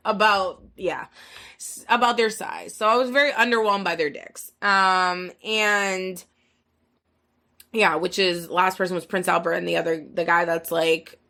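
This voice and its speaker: A woman's voice: lowish voice, fairly even intonation, unhurried, sharp tone. A woman in her twenties hosting a podcast, telling a long story in a rambling, profane way full of filler words. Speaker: podcast host. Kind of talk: casual storytelling monologue.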